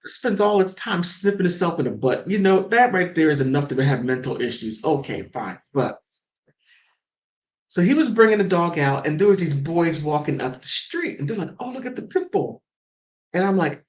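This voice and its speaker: A woman from the mountains hosting a call-in show and telling stories in a casual, animated way. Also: highs cut off. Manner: animated storytelling with big pitch swings. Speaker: host. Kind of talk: casual chat.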